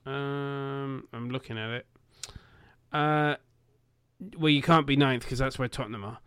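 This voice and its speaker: A man's voice: medium pitch, steady tone, a little slow, fairly bright tone, clean tone, dry recording, studio quality. A man co-hosting a football podcast, chatting casually and easygoing, with plenty of hesitant ums. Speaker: podcast co-host.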